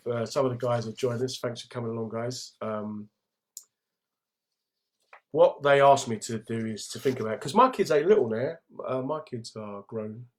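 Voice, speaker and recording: Laddish London man chatting on a livestream. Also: mid-range voice. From England. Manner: laddish, jokey, chatty, reads out viewer comments. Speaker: comedian hosting a livestream. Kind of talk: casual livestream chat.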